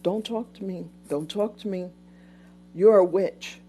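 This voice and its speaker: A woman voicing an angry female coworker who shouts accusations at her. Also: a little slow, slight background noise, lightly acted. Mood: furious. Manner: shrill, accusing outburst.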